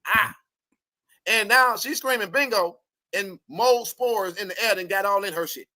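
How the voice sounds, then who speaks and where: In no hurry, a high-voiced online commentator rants to his viewers with animated energy, dropping curses and laughing often. The recording is dry.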